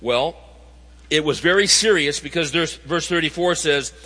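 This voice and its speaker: A man's voice: fairly high pitch, normal speed, sharp tone. A man preaching a sermon, emphatic and asking the audience rhetorical questions. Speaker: pastor. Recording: reverberant hall sound.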